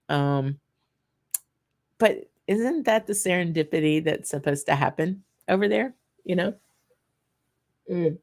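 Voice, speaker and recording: Low-voiced woman hosting a whisky stream. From Louisiana, USA. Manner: chatty and rambling, laughs often, greets viewers. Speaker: host of a whisky livestream. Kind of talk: casual live tasting chat.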